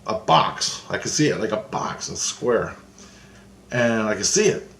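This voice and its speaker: A man's voice: on the low side, animated, unhurried, creaky, a bit bright, reverberant, a little hiss or hum, poor audio. A man giving a rambling first-person account of a spiritual vision, restarting and repeating his phrases as he goes.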